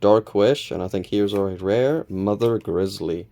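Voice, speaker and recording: A man hosting a casual unboxing video, calmly counting cards and reading their names aloud with small self-corrections. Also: on the low side, measured pace. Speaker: channel host opening card packs.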